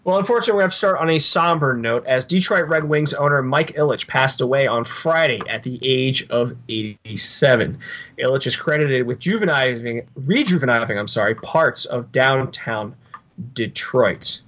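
A man's voice: mid-range voice, normal speed, fairly bright tone, a little hiss or hum. A man co-hosting a podcast, running through hockey news with sarcastic, wry asides. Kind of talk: casual news rundown with jokes.

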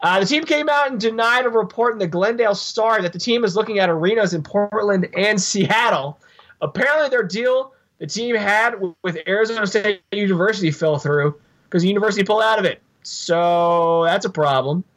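A man's voice: sits high, fairly quick, fairly bright tone. A man co-hosting a podcast, running through hockey news with sarcastic, wry asides. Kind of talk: casual news rundown with jokes.

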